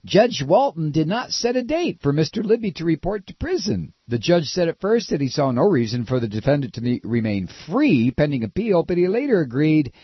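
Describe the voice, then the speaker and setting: Sarcastic guy ranting on his talk show, kinda high husky voice, muffled dry audio. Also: big pitch swings, brisk, few pauses, no echo. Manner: sarcastic, scornful, mocking. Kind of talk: political commentary rant. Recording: dull lo-fi dry recording.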